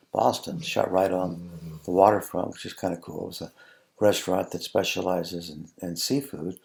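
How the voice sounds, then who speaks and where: A man, a food photographer, talking through his photos in a relaxed, halting way with many ums and restarts. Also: low-pitched, vocal fry. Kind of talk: casual tutorial narration over photos.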